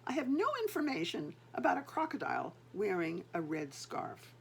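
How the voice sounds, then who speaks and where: Grandma reading a curt store clerk lady, flat answer, bit of gravel in the voice. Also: on the low side, moderate pace, a little hiss or hum. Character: curt woman at a store information booth.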